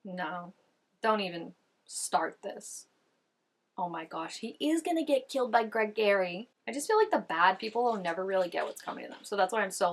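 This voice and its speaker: A woman's voice: medium pitch, fairly bright tone. Young female reaction host; loose, thinking-aloud chatter, filler-heavy. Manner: chatty, musing, heavy on "like" and "I don't know". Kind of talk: casual reaction commentary.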